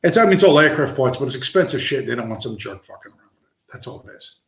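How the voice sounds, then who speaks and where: A man's voice: medium pitch, animated, quick pace, vocal fry, fairly bright tone. A man streaming, telling a rambling story with heavy swearing and constant asides. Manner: profane, digressive, lots of fillers. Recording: roomy echo.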